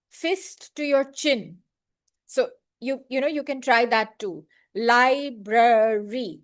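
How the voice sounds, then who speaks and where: A woman training librarians in an online webinar, speaking patiently and sounding out words syllable by syllable. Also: high voice. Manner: slow, patient, clapping out syllables.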